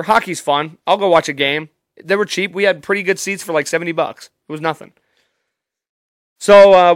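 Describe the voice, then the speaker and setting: A man's voice: a little high, a bit bright, clean tone, dry recording, studio quality. A young man telling a rambling, profane story in a casual, self-amused way.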